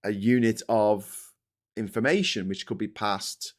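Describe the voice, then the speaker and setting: A man's voice: on the low side, fairly even intonation, measured pace. A middle-aged man with an English accent hosting a casual live-stream, chatty and restless, laughing often as he mocks trolls and critics. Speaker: host.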